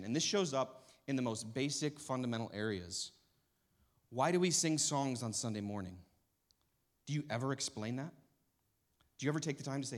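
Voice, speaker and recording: Man, teaching talk, church leaders, emphatic, urgent, average pitch. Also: animated, normal speed. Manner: emphatic, builds to urgent intensity.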